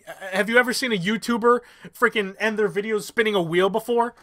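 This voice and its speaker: A young man hosting a comedic ranking vlog, ranting with mock outrage and swinging from mumbled asides to loud excited bursts. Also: high voice, fairly quick. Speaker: YouTuber.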